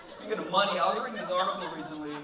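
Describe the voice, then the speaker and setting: A man doing a stand-up set with crowd work, loud and mocking, swearing as he talks to the audience. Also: high-pitched, rapid-fire, heavy background noise. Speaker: stand-up comedian. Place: comedy club stage. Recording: echoey club from a distance, loud crowd and laughter.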